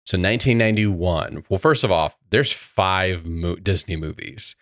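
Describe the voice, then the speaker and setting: Man in his thirties, very low voice, podcast co-host, agreeable, dry recording. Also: dry recording. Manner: agreeable, steers the show, quick interjections. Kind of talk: casual chat.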